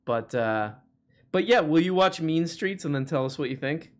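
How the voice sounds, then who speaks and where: A man's voice: fairly high pitch, lively intonation, moderate pace. A man hosting a casual call-in show, rambling and joking with plenty of fillers. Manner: rambling, jokey, many fillers. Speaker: show host. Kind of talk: casual livestream call-in chat.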